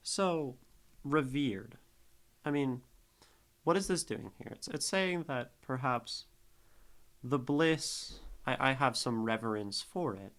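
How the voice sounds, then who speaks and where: Slow, musing male poetry streamer. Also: mid-range voice, lively intonation, a bit bright. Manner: musing, thinks aloud with restarts. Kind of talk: live-stream poetry critique.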